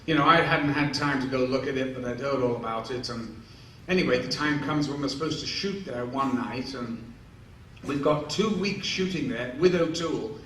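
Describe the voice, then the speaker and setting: A man's voice: medium pitch, moderate pace, a bit bright. A man in his sixties telling rambling, amused anecdotes to a live convention audience, acting out the quotes. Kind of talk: live Q&A storytelling. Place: large convention hall. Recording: echoey hall, distant mic, faint noise.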